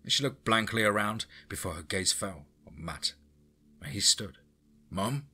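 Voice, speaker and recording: A man narrating a horror story in a steady, even storytelling manner. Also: on the low side, measured pace, husky. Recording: faint music bed.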